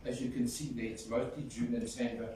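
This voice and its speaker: Man, eulogy, warm storytelling, distant mic, heavy hall echo. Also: mid-range voice, flat delivery, a little fast. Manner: fond storytelling, sings a folk song. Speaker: son giving a eulogy. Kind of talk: funeral eulogy. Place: large echoey hall at a funeral. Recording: echoey hall from far off, faint noise.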